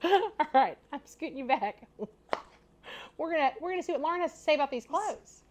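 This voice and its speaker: A woman's voice: high voice, animated, moderate pace. A woman chatting casually at home while she unboxes and tries on clothes. She talks in a loose, chatty way, laughs often and fills her speech with "like" and "y'all". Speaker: fashion vlogger.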